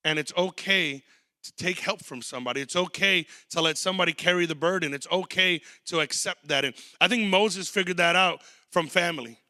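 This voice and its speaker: A man's voice: high-pitched, a little fast, sharp tone, no room sound, studio quality. A man in his thirties preaching a sermon as a guest pastor, telling stories and acting out quotes. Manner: storytelling with acted quotes.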